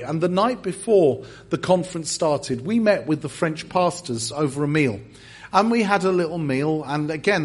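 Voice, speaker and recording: A middle-aged English man preaches in a church, spinning a personal story with dry, self-mocking humor. His voice is husky and sits a little high for a man. He stumbles and restarts often as he talks. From England. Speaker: guest preacher. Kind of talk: storytelling sermon.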